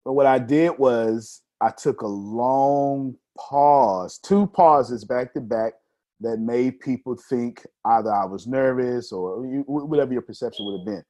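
Man, speaking coach, deliberate pauses, emphatic, mid-pitched voice. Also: warm tone. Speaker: professional public speaker. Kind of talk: explaining speaking techniques to a group.

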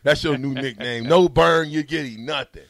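A man's voice: medium pitch, normal speed, a bit bright, no echo. A man hosting a sports radio show, teasing his co-hosts with slangy, laughing banter.

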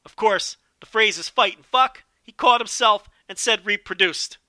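Animated, bright-voiced podcast host. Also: male voice, high-pitched, normal speed, no echo, studio quality. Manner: animated, profane, joking. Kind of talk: solo wrestling podcast commentary.

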